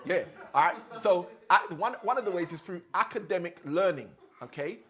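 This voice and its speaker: A man's voice: high voice, lively intonation, normal speed, fairly bright tone. A man, a father of six, leading an interactive teaching session and asking his audience questions. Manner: asks the audience questions often.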